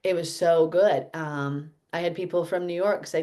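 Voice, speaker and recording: Woman host, low-ish voice, rambling teaching chat, keeps correcting herself. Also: fairly even intonation, a little fast, a little mellow. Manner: rambling, self-correcting, chatty. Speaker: health teacher leading a fellowship group.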